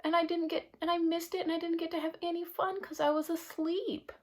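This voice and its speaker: A woman reading aloud puts on a big sulky male bear from a picture book. He whines quickly and high about being left out. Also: little pitch movement. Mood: whiny.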